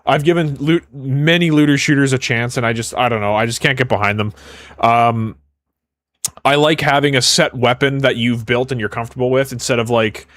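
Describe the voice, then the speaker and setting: A man's voice: mid-range voice, steady tone, a bit bright, no room sound. A young Canadian man with a Canadian accent, chatting casually and rambling while building a game on a live stream. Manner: casual, rambling, quick to joke. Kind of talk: live coding stream chat.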